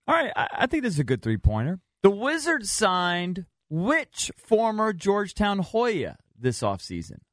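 A man's voice: sits high, wildly swooping pitch, unhurried, few pauses, a bit bright, no room sound, clean studio sound. A man co-hosting a sports radio show, calling in contestants and reading trivia questions. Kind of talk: casual sports radio banter.

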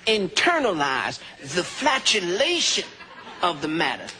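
An actor playing a pompous jailbird who mangles big words with mock gravity, heard in a clip. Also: male voice, high voice, wildly swooping pitch, unhurried, pushed and bright, slight background noise, heavily acted. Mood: mock solemn.

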